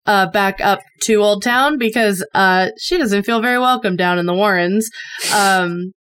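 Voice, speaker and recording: A woman player describing her character's actions in a tabletop game, halting with uhs. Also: mid-range voice, fairly bright tone, smooth, no echo. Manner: hesitant, halting.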